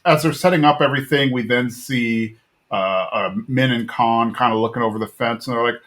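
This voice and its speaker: A man at an average pitch talks through a cartoon episode he just watched as a podcast host. His retelling is loose and chatty, full of fillers and little restarts. He sounds like he's just hanging out and telling a friend about it. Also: steady tone, fairly quick, fairly bright tone. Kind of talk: casual episode recap.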